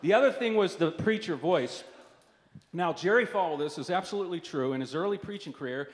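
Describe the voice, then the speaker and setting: A man's voice: sits high, expressive, fairly quick. Wry man doing stand-up in a hall. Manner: wry storytelling with asides. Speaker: stand-up comedian. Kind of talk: stand-up comedy. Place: live comedy stage. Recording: reverberant hall.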